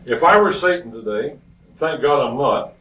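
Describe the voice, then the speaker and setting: An older man preaching a sermon in an earnest, halting way, often repeating words as he goes. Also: medium pitch, lively intonation, bright, forceful tone. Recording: dull, roomy, distant from the mic.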